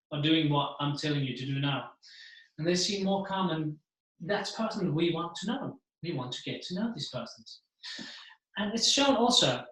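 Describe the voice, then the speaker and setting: A man gives a motivational keynote talk to an audience. He speaks in an animated way and acts out the voices he describes. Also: on the high side. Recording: very echoey room.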